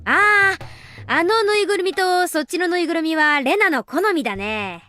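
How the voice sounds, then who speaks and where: A woman's voice: extremely high pitch, lively intonation, quick pace, bright, forceful tone, exaggerated voice. A cocky, teasing anime girl. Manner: brash, teasing. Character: bold, cocky teenage girl.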